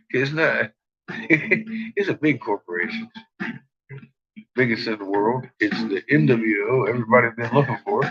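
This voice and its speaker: A man's voice: medium pitch, measured pace, pauses often, fairly bright tone. A man hosting a late-night livestream, ranting profanely at his chat and often breaking into laughter. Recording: dull lo-fi stream audio.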